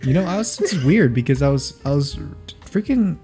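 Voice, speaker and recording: A man's voice: fairly high pitch, lively intonation, normal speed, mellow, soft background music. A man co-hosting a casual podcast, telling stories in a rambling way with lots of fillers and restarts. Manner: rambling, filler-heavy storytelling with many restarts. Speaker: podcast co-host. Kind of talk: casual chat.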